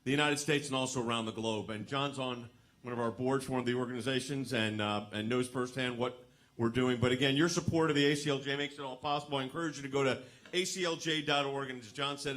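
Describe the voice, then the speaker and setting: Quick, bright-voiced jovial bandleader. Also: male voice, mid-range voice, steady tone. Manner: jovial and teasing, quick to joke and laugh. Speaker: host and bandleader of a fundraising concert. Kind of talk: casual on-stage talk at a concert.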